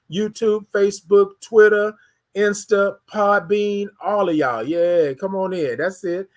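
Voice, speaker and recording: A man from Houston hosting a casual morning livestream, greeting viewers and hyping up the chat. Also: a little high. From Houston, Texas. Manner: energetic, hypes the chat, drawn-out sung greetings. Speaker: livestream morning show host.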